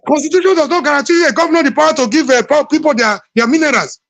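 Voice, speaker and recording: A man's voice: extremely high pitch, rapid-fire, vocal fry, fairly bright tone, no room sound, rough recording. A Nigerian man in a heated political debate, insistent and argumentative, often repeating himself.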